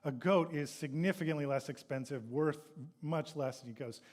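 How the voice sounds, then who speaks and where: The speaker is a male pastor whose slightly high, somewhat mellow voice moves at normal speed with hardly any pauses. In his sermon he reads scripture, retells it, and occasionally acts out the sons' complaints in a raised voice.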